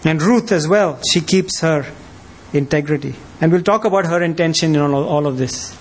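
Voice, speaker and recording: A man's voice: a little high, moderate pace, a little hiss or hum. A man preaching a sermon as a pastor, emphatic and full of rhetorical questions.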